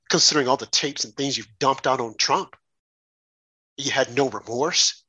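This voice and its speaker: Talk radio host, male, husky and bright-toned, indignant and emphatic, rhetorical monologue. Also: mid-range voice.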